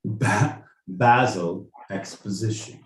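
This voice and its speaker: A man's voice: on the low side, slow, roomy sound, poor audio. A man co-hosting a podcast in casual banter, joking and swearing as he riffs. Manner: profane, joking, riffing. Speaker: podcast co-host.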